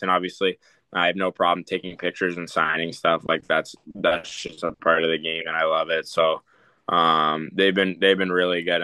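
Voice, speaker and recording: A man's voice: low voice, bright, forceful tone, clean tone, no room sound. A young man, a hockey prospect, answering interview questions casually, with many fillers and restarts. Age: young adult.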